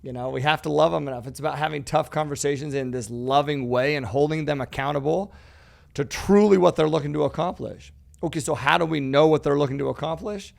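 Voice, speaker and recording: Gravelly-voiced man telling animated stories. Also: on the high side, brisk. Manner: animated storyteller, says "dude" often, acts out dialogue; swears freely. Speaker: podcast guest, real estate educator. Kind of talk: casual podcast conversation.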